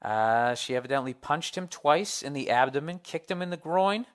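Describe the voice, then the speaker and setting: A man's voice: on the high side, lively intonation, moderate pace. A man, a comedian hosting his own podcast, telling stories in a casual, rambling, profane comic monologue with a sardonic edge.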